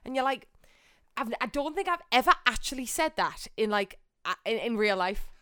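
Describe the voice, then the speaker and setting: A woman's voice: on the high side, animated, moderate pace, sharp tone, clear, resonant tone, no echo, studio quality. A young woman from Newcastle with a Geordie accent, co-hosting a podcast in playful, joking casual chat. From Newcastle, England. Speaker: podcast co-host.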